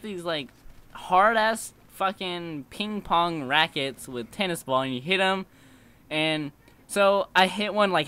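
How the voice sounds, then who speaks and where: Bright-voiced teenage boy, loose storytelling. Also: on the high side, clean tone. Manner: loose, swearing, laughing. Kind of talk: casual storytelling.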